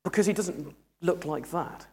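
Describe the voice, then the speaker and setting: Preacher, jokey and chatty, fairly high voice, big echoey hall. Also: male voice, measured pace. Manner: humorous, conversational. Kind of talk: sermon.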